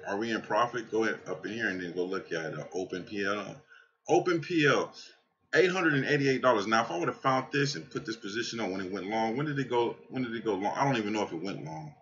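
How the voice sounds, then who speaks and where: A man giving casual, excitable trading commentary over a screen share, swearing and talking straight to his viewers, tired from a night without sleep. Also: on the low side, dull audio. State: tired from staying up all night. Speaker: crypto trading channel host.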